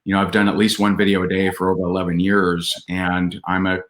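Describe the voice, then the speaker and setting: Podcast guest, male, lowish voice, earnest and halting in an echoey room. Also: monotone. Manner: earnest, with many restarts and fillers. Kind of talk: candid personal storytelling.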